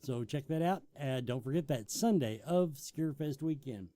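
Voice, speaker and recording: A man's voice: medium pitch, lively intonation, normal speed, mellow. A man hosting an interview show, joking with his guest and reading event plugs. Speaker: talk show host. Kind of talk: casual interview and promo reads.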